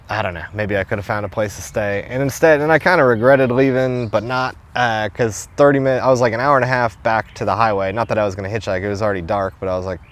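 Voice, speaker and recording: A young man from New York tells a travel story in a slightly low voice. His talk is casual and full of fillers, with plenty of swearing and laughter. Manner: loose and profane, laughs often, lots of fillers. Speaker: hitchhiker telling a travel story.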